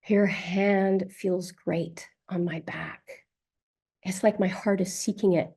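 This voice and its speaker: A woman voicing an adult client who relives infant distress, halting and stammering. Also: medium pitch, fairly even intonation, warm tone, husky. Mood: tender.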